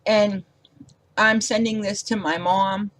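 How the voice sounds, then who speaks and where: A woman's voice: medium pitch, steady tone, slow. Folksy middle-aged woman, rambling craft voice-over. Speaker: card-making vlogger. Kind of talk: casual voice-over while coloring a card.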